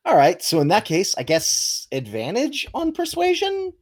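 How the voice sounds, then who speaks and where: A man running a tabletop game as game master, narrating in an animated, playful way. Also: high voice, normal speed.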